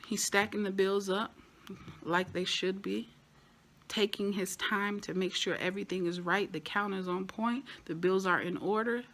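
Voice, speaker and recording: Casually recapping a TV show, a woman reviewer speaks with bright force and lively animation. Playful asides pop up throughout, and her voice spikes high in moments of excitement.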